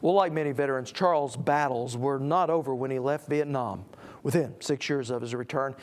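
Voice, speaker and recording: A man narrating a TV feature as host, in a measured, earnest scripted delivery. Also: fairly high pitch, a little mellow.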